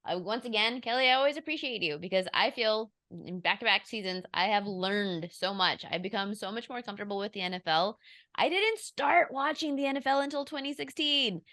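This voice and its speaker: Woman host talking football picks, chatty, laughs a lot, mid-pitched voice. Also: fairly quick, sharp tone. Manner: laughs often, chatty and candid. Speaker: sports betting show host. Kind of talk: casual sports betting chat.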